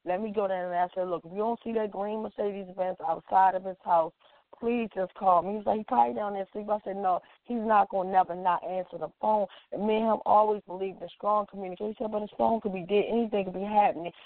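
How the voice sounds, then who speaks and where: A woman's voice: medium pitch, fast talker, no room sound. A woman casually recounting a personal story, animatedly acting out the dialogue of the people in it. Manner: animated, acts out quoted dialogue, frequent "like". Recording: dry, tinny phone-like sound.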